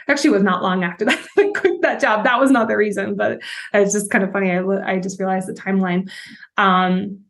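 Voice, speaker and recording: A woman's voice: mid-range voice, a little fast, gravelly. A young adult woman hosting a podcast as a life coach, talking in a casual, candid monologue with frequent laughs and swearing.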